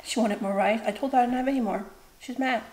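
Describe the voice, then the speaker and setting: A woman in her thirties, a mother giving casual advice while eating on her vlog. She talks in a chatty, animated way and keeps acting out other people's lines. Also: a little high, fast, noisy background. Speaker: mukbang and recipe vlogger, mother. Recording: roomy echo with clattering dishes.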